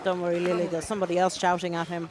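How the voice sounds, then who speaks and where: A woman's voice: lowish voice, monotone, rapid-fire, very noisy. A woman giving live sports commentary in a chatty, encouraging way, cheering the athletes on.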